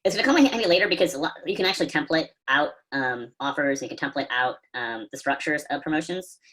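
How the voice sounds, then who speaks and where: A man's voice: on the high side, lively intonation, fast talker, sharp tone, rough recording. A man teaching as a guest instructor over a video call, conversational and storytelling, with fillers and the odd swear word. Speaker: copy chief and guest instructor. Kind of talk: casual teaching talk.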